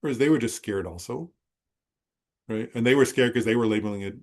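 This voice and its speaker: A man's voice: lowish voice, fast, a little mellow. A man giving a Buddhist dharma talk, telling a personal story in a loose, rambling way and often checking whether listeners follow. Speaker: Buddhist teacher.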